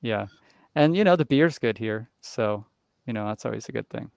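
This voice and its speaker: A man's voice: medium pitch, animated, normal speed, gravelly, no room sound, clean studio sound. A young man from New Jersey chatting casually as an interview guest, rambling with lots of fillers and restarts.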